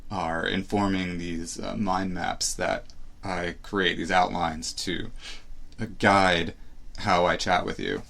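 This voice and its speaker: A man's voice: sits low, flat delivery, slow, gravelly, fairly bright tone. A man hosting a solo podcast, talking casually in a rambling, hesitant, self-reflective way. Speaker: podcast host. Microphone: live stream setup.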